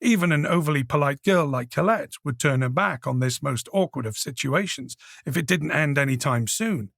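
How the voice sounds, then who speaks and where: A man reading a crime thriller audiobook with measured, scripted narration. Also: fairly high pitch, lively intonation, creaky, fairly bright tone, no room sound, clean studio sound. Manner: measured storytelling.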